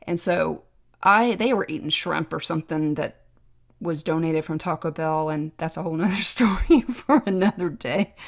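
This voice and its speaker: A middle-aged woman hosting a podcast, telling a personal story in a reflective, emotional way with pauses. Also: sits low, vocal fry. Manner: reflective, emotional, pausing to remember. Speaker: podcast host, trauma doctor.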